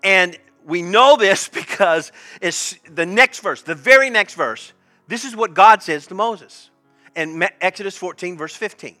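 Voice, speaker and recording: A male pastor preaching a sermon with animated storytelling and frequent laughs. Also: high-pitched, measured pace, soft background music. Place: church service.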